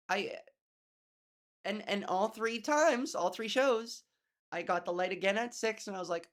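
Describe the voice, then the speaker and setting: A woman's voice: mid-range voice, lively intonation, moderate pace. A woman comedian riffs alone on her podcast in a loose, rambling way. She swears freely, laughs at herself, and stumbles through restarts as her thoughts pile up. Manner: profane, rambling, self-deprecating with frequent restarts. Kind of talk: casual solo podcast monologue.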